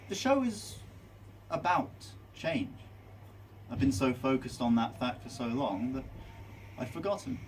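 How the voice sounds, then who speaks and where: A man's voice: mid-range voice, recorded from a distance, poor audio. Brief: male actor as a wry, tired showrunner, stammering, voice rising and falling widely, hissy live recording. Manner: halting, self-deprecating, stammering. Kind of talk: live stage musical comedy acting.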